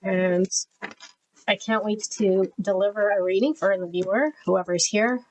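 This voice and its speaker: With a medium-pitched voice at a measured pace, a middle-aged tarot reader leafs through her deck, effusing over every card and becoming emotional. The sound is lo-fi.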